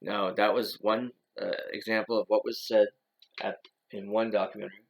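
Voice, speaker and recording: A channel host with a low, gravelly voice talks alone in a casual, rambling monologue, often circling back and restarting sentences. His flat delivery at normal speed is full of fillers like "uh" and "you know," and the recording quality is low.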